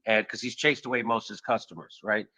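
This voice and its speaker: A man hosting a podcast, telling stories in a casual, animated and profane way, acting out the dialogue. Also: fairly low pitch, fast. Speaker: podcast host. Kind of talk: casual storytelling chat.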